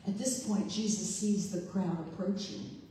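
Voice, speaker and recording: A woman preaches to a congregation at an unhurried, deliberate pace, her voice soft and mellow. She muses aloud and poses questions as she retells the story. The recording is distant, with a long, roomy echo filling a large hall. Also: medium pitch, slight background noise. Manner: reflective, questioning, voices the father and Jesus in quotes. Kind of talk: sermon. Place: large echoey room with a congregation. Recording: echoey hall, voice from far off.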